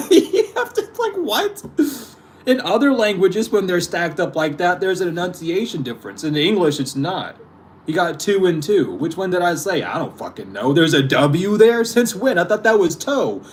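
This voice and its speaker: Exasperated, laughing man ranting casually. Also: sits high. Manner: exasperated, profane, laughing often. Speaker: spiritual channel host.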